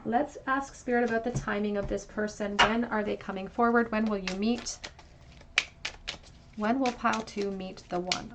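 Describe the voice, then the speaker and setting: A woman giving a pick-a-card tarot reading to viewers, talking gently and reassuringly and thinking aloud with frequent ums. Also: mid-range voice, fairly even intonation, moderate pace, very noisy. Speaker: tarot reader.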